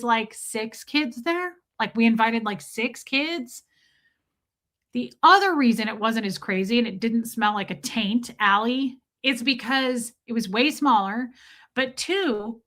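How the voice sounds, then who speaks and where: On a casual livestream, the host is a middle-aged woman whose voice is fairly high-pitched and sharp. Her chat wanders, peppered with "like," and she breaks off mid-story to say hello to commenters by name.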